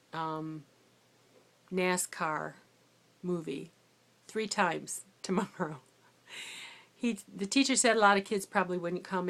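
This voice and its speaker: A woman's voice: on the low side, vocal fry. Chatty tired woman telling a story. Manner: chatty, rambling, animated when quoting herself. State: tired from no sleep. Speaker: substitute teacher. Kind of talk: casual storytelling vlog.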